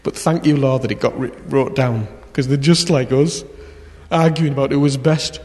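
A man preaching a sermon, telling a story and swinging between loud emphasis and quiet, intimate moments. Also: medium pitch, steady tone, fairly quick. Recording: long hall reverb.

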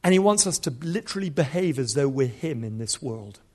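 A man's voice: medium pitch, lively intonation, fairly quick, a little mellow. A man in his fifties, a preacher telling stories in a sermon with humor and animation. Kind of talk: storytelling sermon.

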